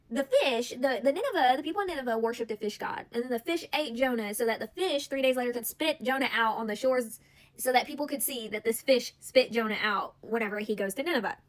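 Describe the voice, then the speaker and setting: A woman retelling a bible story in a chatty, animated way, with casual storytelling and lots of "like". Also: on the high side. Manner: chatty and animated, heavy use of "like". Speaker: bible study vlogger.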